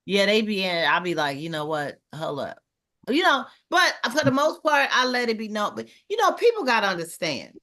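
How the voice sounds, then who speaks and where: Bright-voiced woman hosting a casual chat. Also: on the high side, a little fast, few pauses. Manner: lively, acts out what others say in quoted voices. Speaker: host of a talk show panel.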